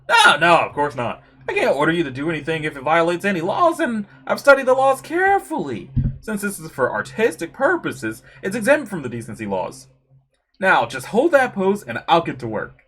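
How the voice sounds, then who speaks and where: A woman voicing a playful, scheming male general who teases his friend, reading a comic aloud with a breathy voice. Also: on the low side, wildly swooping pitch, moderate pace, fairly bright tone, voice pushed down, full character voice. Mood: teasing. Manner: teasing, cheerful.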